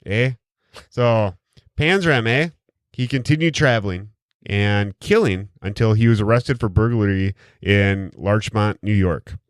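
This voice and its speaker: A man's voice: lowish voice, a little slow, clear, resonant tone, no room sound. A man from Wisconsin hosting a podcast in casual, crude, joking chat. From Wisconsin, USA. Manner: crude, joking, reads quotes aloud. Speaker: podcast host.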